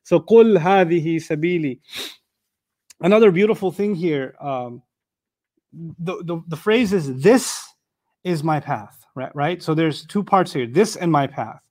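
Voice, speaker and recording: Man, high register, Quran lesson teacher; explanatory, asks questions and gives everyday examples, recites Arabic. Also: lively intonation, measured pace, a little mellow. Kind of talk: lecture on Quran verses.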